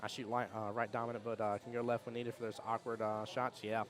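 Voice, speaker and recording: A man's voice: mid-range voice, little pitch movement, a crowd in the background. A man hosting a pool tournament stream, chatting casually and reading viewer comments in a rambling, storytelling way. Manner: fast, rambling storyteller with restarts and laughs. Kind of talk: casual chat with live chat readouts.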